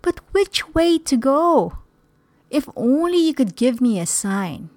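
A woman's voice: high-pitched, sing-song, takes it slowly, a little mellow, no room sound, studio quality, full character voice. Woman reading as an anxious, pleading young man. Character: troubled young man praying for a sign.

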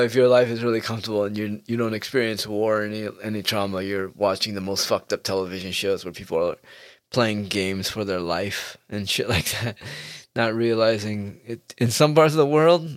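A man's voice: on the low side, no echo, clean studio sound. A young man in a comedic rant, sarcastic and profane, laughing often as he talks. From United States.

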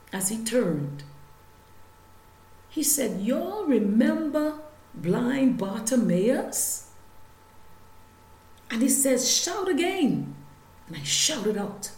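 A woman preaching a sermon, telling her healing testimony and reading scripture with slow emphasis. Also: a little high, sing-song, darkish tone, reverberant, rough recording.

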